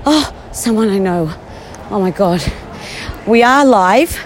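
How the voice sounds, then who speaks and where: A woman's voice: medium pitch, lively intonation, slow, a little hiss or hum. A shaken, anxious woman rambling through a live stream while walking outdoors on a street, talking into a handheld phone. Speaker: livestreamer.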